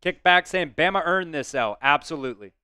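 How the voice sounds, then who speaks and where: A man's voice: on the high side, expressive, brisk, sharp tone, clear, resonant tone, dry recording, studio quality. Frustrated man calling the game live. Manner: frustrated, blunt, swearing. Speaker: live stream host. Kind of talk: fan play-by-play commentary on a live stream.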